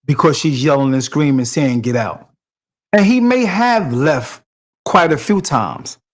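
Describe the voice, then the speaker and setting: Slow, preachy male podcast host. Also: fairly high pitch, sing-song. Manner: preachy, repetitive, emphatic. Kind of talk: commentary on a video clip.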